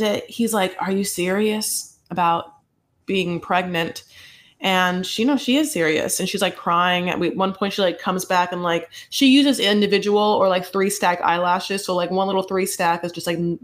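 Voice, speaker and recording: A woman's voice: fairly low pitch, moderate pace, few pauses. A woman co-hosting a podcast, retelling a reality show episode in casual chat with lots of asides and "like". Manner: animated storyteller, lots of "like" and asides. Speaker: podcast co-host.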